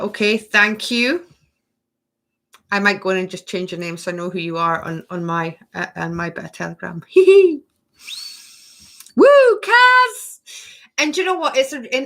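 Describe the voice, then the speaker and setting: With a mid-range, fairly bright voice, a woman runs a spiritual workshop as a casual live-stream Q&A. She's warmly effusive and addresses each viewer by name.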